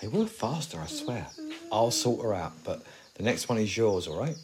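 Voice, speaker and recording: A man's voice: on the low side, wildly swooping pitch, moderate pace, background noise. A man in his forties acting a weary, sardonic survivor of a zombie apocalypse in an audio drama, talking in dry, rambling asides. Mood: wry. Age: 40s.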